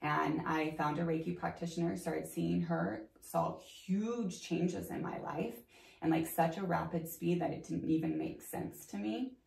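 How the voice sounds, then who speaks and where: Woman guest, chatty and informal, lower voice with fry, recorded a bit far off in an echoey room. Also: steady tone, measured pace, a little mellow. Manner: chatty, many "like" fillers, acts out her own past thoughts. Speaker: guest, Reiki practitioner. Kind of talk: casual conversational interview. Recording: roomy, slightly distant mic.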